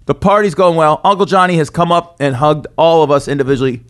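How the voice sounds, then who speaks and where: Guy telling a wild party story on a podcast, kinda high voice, acts out everyone. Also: fast talker. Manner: animated, swaggering storyteller who acts out the people in his stories. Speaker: podcast co-host. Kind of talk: casual storytelling chat.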